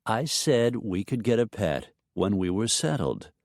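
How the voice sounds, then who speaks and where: Male narrator voicing a dry, patient young mom, slow and understated, audiobook. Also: on the low side, very animated, no echo. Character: patient, wry young single mother.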